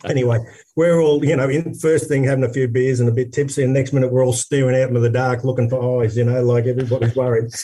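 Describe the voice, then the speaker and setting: An Australian man, a former rugby player, telling a lively story in casual conversation with many restarts. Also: medium pitch, quick pace, far from the mic. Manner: animated anecdote teller, many restarts.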